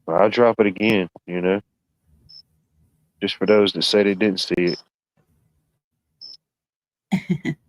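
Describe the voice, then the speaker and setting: A man's voice: fairly low pitch, steady tone, slow pace, long pauses, dry recording, low-quality recording. A man hosting a casual live stream, joking and rambling, peppering his talk with "you know what I mean". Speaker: stream host.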